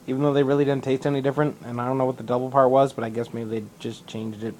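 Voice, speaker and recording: A man's voice: mid-range voice, flat delivery, racing, a little mellow, slight background noise. A young man vlogging to camera indoors in a public building, rambling in a casual monologue, swearing a lot and restarting his sentences often.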